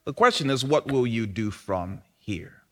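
A man delivering a sermon in a medium-pitched voice that swings widely up and down. He preaches with animation, rising to loud, emphatic peaks before dropping back to quieter, lower passages. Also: animated, a little slow. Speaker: pastor.

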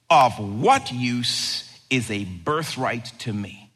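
A man preaching a sermon as pastor, animated, acting out quoted lines and swinging from loud to hushed. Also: mid-range voice, slow, slightly rough. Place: church sanctuary. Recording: long reverb of a large hall.

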